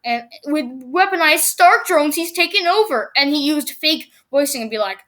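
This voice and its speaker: A woman hosting her own vlog channel, talking excitedly about movie predictions and often stumbling and restarting her sentences. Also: high voice, normal speed, few pauses. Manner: excitable, rambling with many restarts. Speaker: YouTube channel host.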